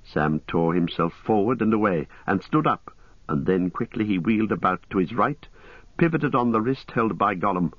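A man with a very deep voice reads a story aloud in a grave, deliberate manner. He paces the tense passages carefully. The recording is dry, with no room sound, and a dull, lo-fi tone. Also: animated, no echo. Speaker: audiobook narrator. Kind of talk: scripted dramatic narration.

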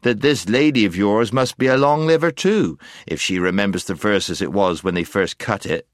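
A man's voice: fairly low pitch, moderate pace, no echo, lightly acted. A man voicing a dour, shrewd creature in an audiobook, dry and wary.

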